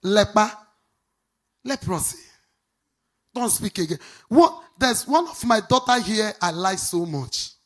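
A woman's voice: medium pitch, expressive, fairly bright tone. A woman pastor with a Nigerian accent, preaching a sermon in a sing-song way and quizzing the congregation for answers. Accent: Nigerian English. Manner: emphatic, drawn-out stressed words. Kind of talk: preaching sermon with call-and-response.

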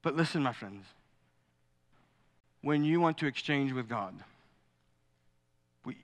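A man preaching a sermon as pastor, animated and joking, acting out quotes and asides. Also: medium pitch, takes it slowly. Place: large church sanctuary. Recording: long hall reverb.

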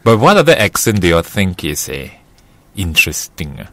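A man hosts a casual podcast chat, asking questions in a chatty way. His voice sits at a middle pitch and moves with animated intonation. The sound is dry and close. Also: normal speed, no echo. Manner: chatty, questioning, uses fillers. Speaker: host.

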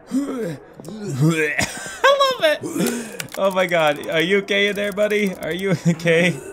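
Excitable swearing man playing a game. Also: high-pitched, slow pace. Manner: excitable, swearing, laughing often. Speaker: gaming YouTuber. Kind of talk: let's play commentary. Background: game music.

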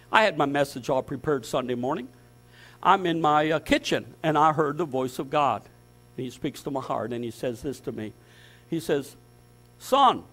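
A man preaching as pastor, fervent, dropping to hushed tones and rising to loud, emphatic lists. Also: on the high side. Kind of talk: sermon.

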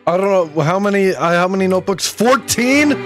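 A gaming YouTuber commentates his own let's play in a high-pitched, lively voice, talking a little fast with a slightly bright tone. He exclaims and mocks himself while complaining about the game. Faint music plays behind him.

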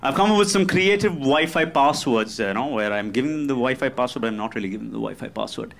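A man performing live stand-up comedy, exasperated and animated as he tells his bits. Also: mid-range voice, quick pace, gravelly. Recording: live stand-up with loud crowd laughter and noise.

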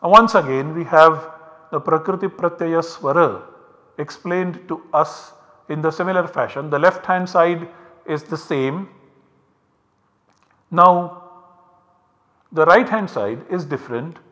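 Male lecturer, bright and fairly high voice, explains step by step. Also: takes it slowly, pauses often. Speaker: university lecturer. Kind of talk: recorded academic lecture. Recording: long hall reverb.

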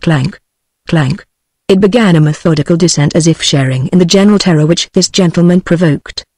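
A woman's text-to-speech voice with a British English accent, narrating an audiobook in an even, scripted way. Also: lowish voice, fast, no echo. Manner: even, synthetic reading.

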